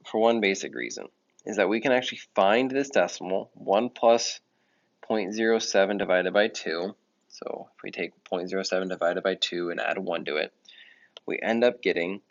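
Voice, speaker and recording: Male math teacher, low gravelly voice, relaxed self-correcting explainer, muffled recording. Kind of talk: recorded classroom lesson. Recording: dull lo-fi audio.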